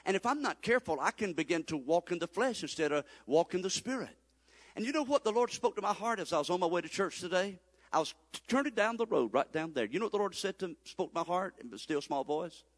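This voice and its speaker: Impassioned pastor in a reverberant church. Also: male voice, lively intonation, quick pace. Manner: impassioned, swinging from loud appeals to low confiding asides. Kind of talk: sermon. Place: church sanctuary.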